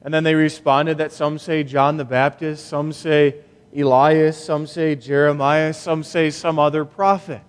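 A male pastor preaching a sermon in a slow, emphatic way with long pauses, in a church sanctuary. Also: fairly high pitch, flat delivery, clear, resonant tone, long reverb tail.

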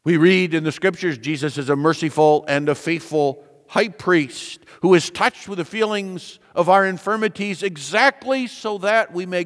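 A man preaches with measured, unhurried emphasis, building his points through repetition and questions to the congregation. His voice sits a little high for a man. The sound trails off in the long reverb of a large hall. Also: fairly bright tone. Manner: deliberate preaching with repeated phrases and rhetorical questions. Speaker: pastor. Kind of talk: sermon.

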